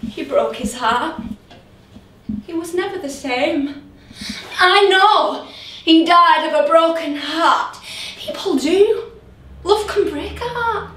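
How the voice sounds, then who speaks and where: Using an exaggerated, extremely high voice with lively intonation and a fairly bright tone, a woman performs a stage monologue as a drunk, lonely grown woman waiting for her late father. She sounds bitter, halting and repetitive, and the recording, made from a distance in a roomy theatre, has a little hiss or hum.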